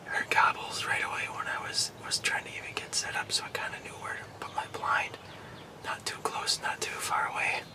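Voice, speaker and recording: A man hosting a hunting show, whispering excited commentary from his blind outdoors. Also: distant mic.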